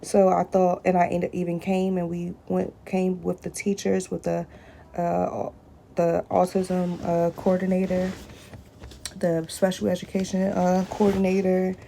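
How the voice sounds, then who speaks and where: A woman's voice: on the low side, monotone, unhurried, creaky, warm tone, slight background noise. A woman speaking straight to her viewers in a personal video blog, often addressing them directly and repeating short phrases.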